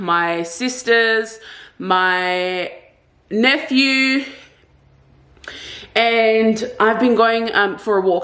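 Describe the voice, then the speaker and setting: A woman's voice: fairly high pitch, a bit bright. A chatty young woman vlogging casually from her bedroom at home, rambling through her plans and purchases. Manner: chatty, rambling, self-aware. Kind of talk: casual vlog chat.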